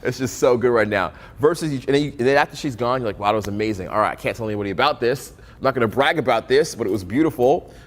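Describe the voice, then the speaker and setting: A young man talks as a dating coach in loose, profane storytelling. He acts out little conversations and jumps between voices, keeping an ordinary mid-pitched tone. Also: fast talker, hardly any pauses, big-room sound, slight background noise. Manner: profane, animated, acts out both sides of conversations. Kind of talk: casual storytelling talk.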